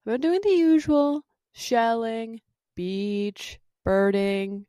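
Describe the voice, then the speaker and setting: A woman co-hosting a casual podcast, chatting in a relaxed way and asking curious questions. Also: a little high, slow pace, clean tone, no room sound, clean studio sound. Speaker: podcast co-host.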